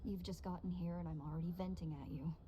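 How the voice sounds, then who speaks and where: A woman's voice: lowish voice, steady tone, warm tone, slight background noise, lightly acted. An actress voicing a restless young noblewoman in a video game, who vents eagerly. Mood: eager, relieved. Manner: eager, quick venting. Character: young noblewoman, restless, chafing under her mother.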